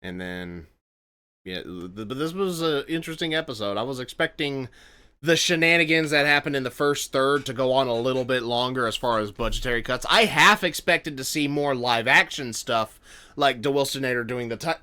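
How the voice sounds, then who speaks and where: A man's voice: medium pitch, moderate pace, bright, forceful tone, clear, resonant tone. A tired man hosting a casual reaction video, rambling and trailing off as he reacts.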